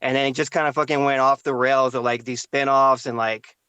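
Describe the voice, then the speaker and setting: A man's voice: mid-range voice, fairly even intonation, a little fast, bright, forceful tone, clear, resonant tone, no room sound. A man co-hosting a podcast over a video call, talking casually with lots of "like" and "man" and plenty of swearing. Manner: laid-back, profane, lots of "like" and "man". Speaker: podcast co-host. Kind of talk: casual chat. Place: outdoors by a fast-food restaurant.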